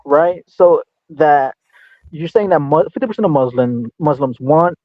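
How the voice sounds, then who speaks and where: A man debating casually, speaking haltingly with many fillers and restarts. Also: a little high, lo-fi sound, a crowd in the background.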